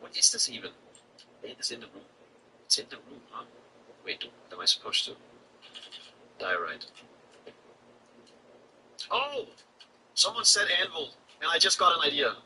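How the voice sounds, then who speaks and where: Excitable guy streaming a game, talks to himself, slightly far from the mic w faint hiss. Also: mid-range voice, normal speed, long pauses. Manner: excitable, thinking aloud. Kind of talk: live gameplay commentary.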